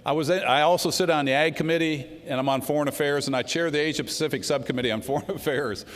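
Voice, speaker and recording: A man's voice: on the high side, quick pace, a bit bright. A man giving a folksy political speech, telling stories and acting out quoted exchanges. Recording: long hall reverb.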